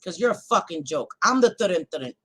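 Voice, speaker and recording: A woman hosting a livestream, ranting to her chat in a heated, profane casual way that swings between loud outbursts and quieter stretches. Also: lowish voice, lively intonation, normal speed, slightly rough, rough recording. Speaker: livestream host.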